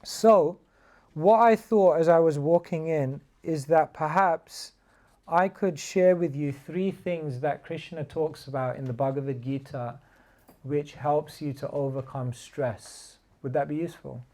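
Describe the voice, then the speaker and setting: Mellow-voiced man giving a chatty class. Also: a little high, unhurried. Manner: chatty, laughing, many fillers like "like". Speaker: spiritual teacher. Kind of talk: casual sermon with storytelling.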